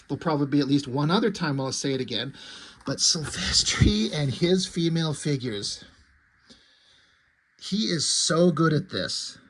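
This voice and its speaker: A man with a slightly high voice talks into a camera mic, retelling a comic story in a loose, rambling way. He paraphrases the characters' lines in a casual, chatty reviewer's manner. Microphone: camera mic while filming the pages.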